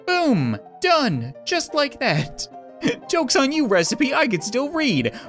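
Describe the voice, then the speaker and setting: A woman giving comedic let's-play commentary, swinging between panicked squeals and dry sarcastic calm. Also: high voice, slow, soft background music. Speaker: gaming video host.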